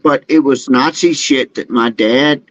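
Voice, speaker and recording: A man's voice: medium pitch, a little slow, dry recording, muffled recording. A man chatting casually, joking along and rambling through his own stories. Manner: joking, eager listener, rambling. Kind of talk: casual chat.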